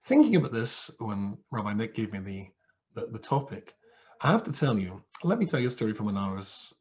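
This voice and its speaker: A rabbi telling a humorous story to an audience on a video call, acting out the voices of the people in it. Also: male voice, on the low side, very animated, a little fast, a little mellow, muffled recording. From England. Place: home, over a video call. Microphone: video call mic.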